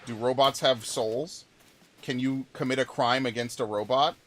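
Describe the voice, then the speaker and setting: A man's voice: medium pitch, steady tone, normal speed, a bit bright, a little hiss or hum. A man giving profane, ranting let's-play commentary while reacting to chat comments. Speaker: gaming YouTuber. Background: game music.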